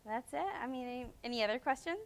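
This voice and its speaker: A woman's voice: a little high, fast. A middle-aged mother speaking casually and sentimentally at a public question-and-answer talk, with chatty asides. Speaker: mother and business co-founder.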